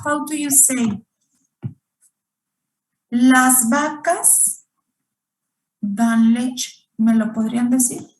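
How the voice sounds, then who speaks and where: A woman's voice: high-pitched, fairly even intonation, extremely slow, pauses often, a little hiss or hum. A woman teaching an online English grammar lesson over a video call, repeating each point and asking her students questions. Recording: roomy sound from far off the mic.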